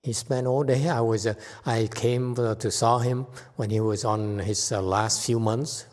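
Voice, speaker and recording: A man's voice: mid-range voice, steady tone, measured pace, darkish tone. A man, a Buddhist monk, giving an informal dharma talk in short broken phrases and laughing often. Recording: reverberant hall.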